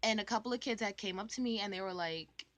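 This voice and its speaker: A young adult woman telling a personal story to camera in a rambling, animated way, full of filler words and the odd swear word. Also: mid-range voice, fast talker, dry recording. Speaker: vlogger. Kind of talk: casual storytime monologue.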